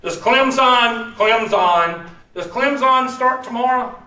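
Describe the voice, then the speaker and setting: A high-voiced man speaks to his college math class on the first day, joking and folksy, calling on students by name. The sound is distant and muffled, with the echo of the classroom around him. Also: slow pace, bright, forceful tone.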